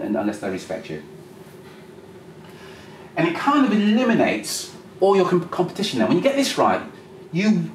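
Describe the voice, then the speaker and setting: A man presenting a live seminar to a room, lively and acting out phone calls. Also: on the high side. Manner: animated, acts out phone calls. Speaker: workshop presenter. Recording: roomy, distant mic, faint noise.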